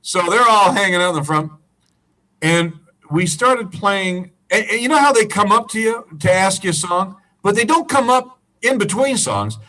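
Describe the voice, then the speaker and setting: A man with a high, bright, sharp-edged voice spins a profane band story in loose conversation. He laughs as he goes and slips into quick impressions of the people he describes. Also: lively intonation, far from the mic, rough recording. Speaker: musician guest. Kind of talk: casual storytelling chat.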